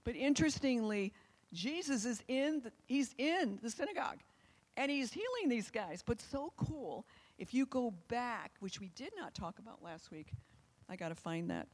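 Woman preacher, live sermon, higher-pitched, chatty but urgent, asks the room questions. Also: lively intonation, moderate pace. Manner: conversational, asks the congregation questions; fervent, urgent emphasis. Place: church service, also streamed online.

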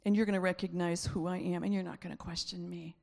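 A woman's voice: on the low side, level tone, quick pace, creaky, a little mellow. A woman preacher giving a conversational sermon, acting out voices with laughing asides.

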